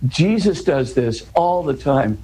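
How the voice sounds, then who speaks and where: This interview guest has a higher, mellow, slightly rough voice and speaks slowly but with animation, captured on a low-quality recording. Earnestly explaining scripture, he repeats words and starts over, adds "right?" to his points, and works up to emphatic questions.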